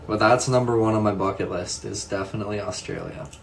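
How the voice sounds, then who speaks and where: A man's voice: on the low side, fairly even intonation, fast talker, slight background noise. A young man chatting casually with viewers, answering their comments one by one, echoing his own answers and laughing often. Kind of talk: casual live chat.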